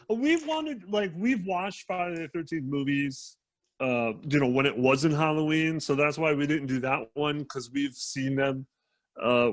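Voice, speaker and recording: A man co-hosting a casual gaming podcast, telling stories in a halting way full of fillers. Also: fairly high pitch, no echo. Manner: halting, filler-heavy storytelling. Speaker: podcast co-host.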